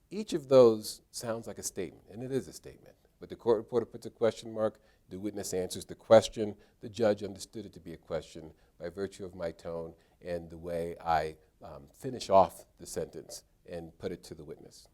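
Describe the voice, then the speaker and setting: A middle-aged man teaching trial lawyers, explaining questioning techniques in a measured way. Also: sits low, mellow. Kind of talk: instructional talk.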